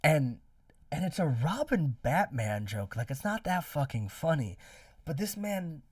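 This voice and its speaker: A man's voice: a little high, measured pace, husky, no room sound, distant mic. Man, casual music commentary, rambling, profane, dry sound, slightly off-mic. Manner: rambling, swears, animated. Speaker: music reviewer streamer.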